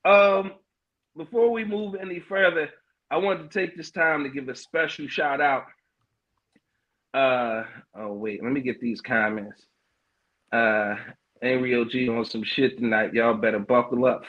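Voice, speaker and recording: A middle-aged man hosts a casual podcast livestream, reading out comments as he goes. He talks loose and hyped, heavy on slang and fillers, and his voice sits at an ordinary middle pitch. The audio is a little dull and lo-fi. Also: unhurried. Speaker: podcast host.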